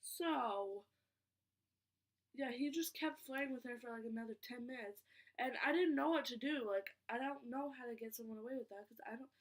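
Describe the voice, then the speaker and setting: A woman's voice: on the high side, moderate pace. Chatty young woman rambling through a story. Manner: rambling, fillers of "like", stumbles over words. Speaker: vlogger. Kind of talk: casual storytime vlog.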